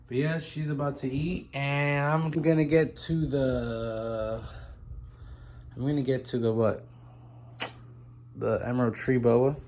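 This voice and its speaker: A man's voice: mid-range voice, a little mellow. A man vlogging from a room of reptile tanks, talking casually into a handheld phone and often correcting himself as he rambles. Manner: rambling, chatty, self-correcting. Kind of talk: casual walkthrough vlog.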